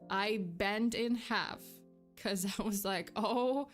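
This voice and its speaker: A woman's voice: medium pitch, fairly even intonation, slow pace, soft background music. A young woman streaming as a VTuber, telling a story in casual chat, rambling with many fillers and restarts and slightly out of breath. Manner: chatty, rambling, with frequent fillers and restarts, breaking off to thank chat.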